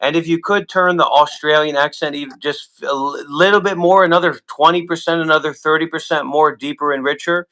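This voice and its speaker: Rambling man with a bright voice. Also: on the high side, steady tone, poor audio. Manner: rambling, halting, full of fillers. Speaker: host. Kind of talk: livestream talk.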